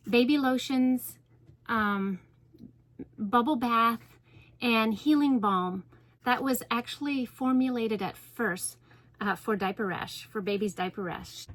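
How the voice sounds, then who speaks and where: Soft-spoken woman vlogger, high voice. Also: rough recording. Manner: soft, earnest, with many ums and restarts. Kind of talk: casual talk to camera. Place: inside an RV.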